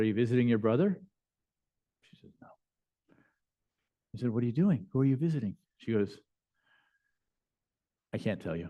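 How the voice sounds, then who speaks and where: A man with a lowish voice tells stories from his chaplain work during a lecture. He speaks conversationally, with many fillers and false starts. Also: muffled recording. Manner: conversational, with frequent fillers and restarts. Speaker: bishop and chaplain. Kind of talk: lecture storytelling. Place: lecture hall.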